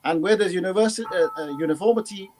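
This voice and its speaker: A man on a panel earnestly explaining an argument, halting and restarting as he goes. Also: high-pitched, a little mellow, a little hiss or hum, poor audio. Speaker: panel guest. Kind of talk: explaining an argument in casual chat.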